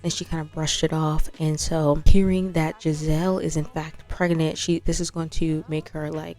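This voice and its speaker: A lively woman narrating her life-sim game in relaxed, casual commentary, full of slang and asides to her viewers. Her voice sits on the lower side, and faint music plays underneath. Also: normal speed, few pauses. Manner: animated, slangy, addresses viewers as "y'all". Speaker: gaming channel host. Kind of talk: casual let's-play commentary. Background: faint background music.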